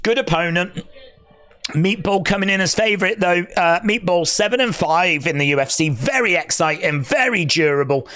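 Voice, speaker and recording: A man from England hosting a live fight watch-along stream, chatting casually, reading out viewers' comments and breaking into excited cheers. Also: high voice, moderate pace.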